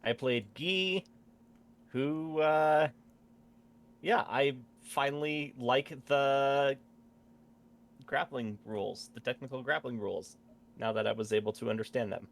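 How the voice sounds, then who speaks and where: A man's voice: medium pitch, unhurried, creaky, long pauses. A man playing in a tabletop game, speaking casually with some hesitation. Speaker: player.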